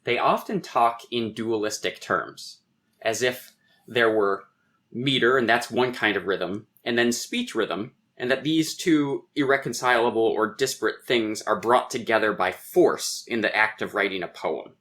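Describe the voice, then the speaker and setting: A man's voice: fairly low pitch, a little slow, fairly bright tone. A man, a poet and guest, reflectively explaining verse and tapping out rhythms aloud. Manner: lecturing, taps out rhythms aloud.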